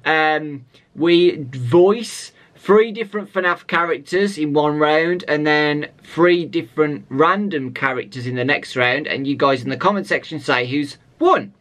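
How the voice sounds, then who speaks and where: A man's voice: on the high side, a little slow, a bit bright. A man with a British accent, hosting a casual gaming chat show. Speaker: host.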